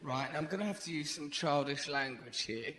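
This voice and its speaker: Audience laughter fills an echoey theatre hall as a man tells a rambling comedy story on a large stage, animated and peppering it with "right?". His fairly high voice runs a little fast, with a little hiss or hum on the recording.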